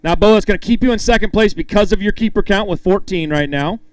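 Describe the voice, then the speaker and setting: Quick-paced and high-pitched, with no room sound, this emcee announces a fishing tournament weigh-in. He calls anglers up, reads their weights, and keeps it upbeat, joking with and hyping each of them on stage.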